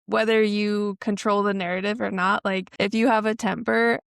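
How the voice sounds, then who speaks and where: A woman's voice: medium pitch, level tone, normal speed, gravelly, clear, resonant tone, dry recording, clean studio sound. A woman hosting a podcast interview, speaking in a reflective, affirming way. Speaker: podcast host. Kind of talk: interview conversation.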